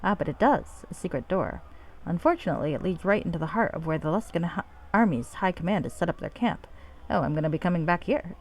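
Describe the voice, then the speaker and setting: A woman's voice: fairly low pitch, animated, fast, a little mellow, a little hiss or hum. A woman reading the lines of a poor old blind man, once a smuggler, in a plain voice. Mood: sly. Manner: plain read-aloud dialogue.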